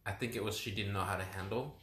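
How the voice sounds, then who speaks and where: A young man with a somewhat low voice talks through his thoughts in a slow, reflective way, halting and restarting his sentences. His voice carries the echo of a roomy space around him. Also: fairly even intonation, sharp tone. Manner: reflective, hesitant, many restarts. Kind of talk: casual conversation. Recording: roomy echoing room.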